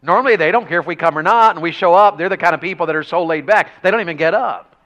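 A man preaching a revival sermon in a church, telling folksy country stories and rising to shouts. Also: on the high side, quick pace. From rural Tennessee.

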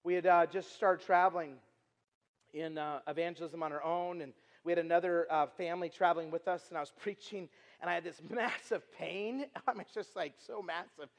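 A man preaching a sermon as a traveling evangelist, telling a personal story in a conversational, animated way with filler words and loud emphatic moments. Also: a little high, brisk. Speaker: itinerant preacher. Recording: long reverb from a large hall.

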